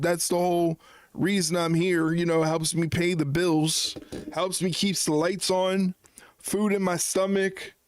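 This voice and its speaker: A man's voice: high voice, no room sound. A man hosting a casual wrestling watchalong livestream, joking and rambling as he corrects himself. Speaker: podcast host.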